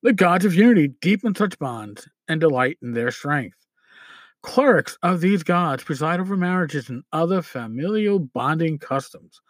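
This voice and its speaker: A man's voice: a little high, no echo. A man hosting a podcast in casual chat, rambling and irreverent with asides and profanity, who sometimes stumbles over words as he reads aloud. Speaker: podcast host.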